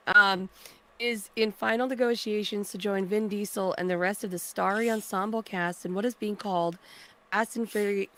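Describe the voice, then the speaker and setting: A woman's voice: mid-range voice, fairly bright tone. Playful, giggly woman on a podcast. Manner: playful, giggly, reads news items aloud. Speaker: co-host. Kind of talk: casual podcast banter.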